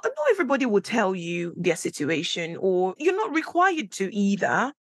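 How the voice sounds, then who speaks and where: A young adult woman hosting a solo podcast, chatting and telling a personal story in a lively way. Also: mid-range voice, no room sound. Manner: chatty storytelling, animated when quoting herself. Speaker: podcast host. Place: small room, recording alone.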